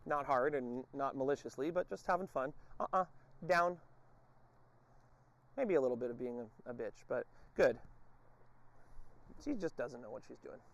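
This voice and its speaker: A man's voice: mid-range voice, moderate pace, vocal fry. Man training a dog, firm commands. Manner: short firm commands to the dog between explanations; addresses viewers directly as folks. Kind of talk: instructional commentary while training a dog.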